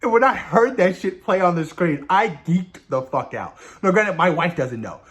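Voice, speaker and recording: A young man hosts his own movie review channel and talks straight to his viewers. He gushes with excitement and swears freely, and his voice leaps up and drops down all the time. It sits a touch higher than most men's. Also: normal speed. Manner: hyped, gushing, swearing often.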